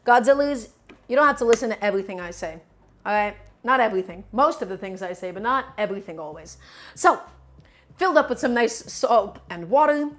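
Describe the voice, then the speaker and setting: Streaming a cooking lesson from her home kitchen, a woman talks to viewers emphatically, repeating her key points as she chats. Her medium-pitched voice is lively in intonation and fairly quick.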